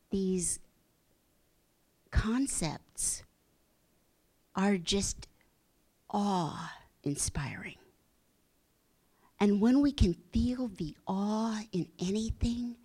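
Gentle woman with a lower voice. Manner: gentle, earnest, with soft whispered emphasis. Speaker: spiritual speaker. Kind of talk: inspirational talk.

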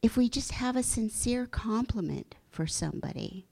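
A middle-aged woman giving a gentle, reflective spiritual talk, slow at times and sometimes dropping to a soft, breathy hush. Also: a little high, expressive. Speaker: spiritual teacher.

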